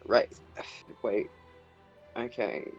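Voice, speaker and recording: A man's voice: on the low side, lively intonation, very slow, vocal fry, lo-fi sound, faint music behind. A man chatting casually over voice chat while playing a video game, laughing often. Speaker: channel host and gamer. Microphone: desktop mic on voice chat.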